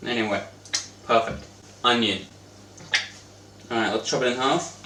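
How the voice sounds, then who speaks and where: A young cooking vlogger rambles and jokes in his home kitchen, chatting to his pet bird as he cooks. He speaks in a mid-range voice, a little slowly, pausing often. The mic is distant, with roomy echo and faint noise.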